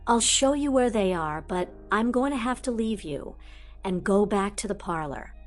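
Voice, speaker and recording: A woman reading an audiobook, voicing a frightened young wizard boyfriend who speaks in a hushed, hurried, breathless way. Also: mid-range voice, lively intonation, soft background music, lightly acted. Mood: hushed urgent. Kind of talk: audiobook character voice.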